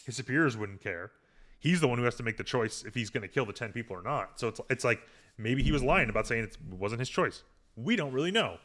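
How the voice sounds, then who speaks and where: A man's voice: mid-range voice, animated, quick pace, a bit bright. A man hosting a podcast, recapping a TV episode in casual chat, rambling and humming filler as he retells scenes. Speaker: podcast host.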